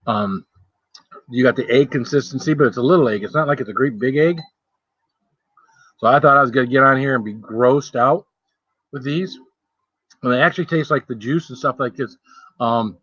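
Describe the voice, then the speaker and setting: A man talking casually on a live stream, rambling from one thought to the next and greeting viewers by name. His voice sits at an ordinary pitch and sounds close and dry. The sound is a little dull and lo-fi. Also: bright, forceful tone, dry recording. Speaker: food challenge livestreamer. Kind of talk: casual live-stream chat while eating.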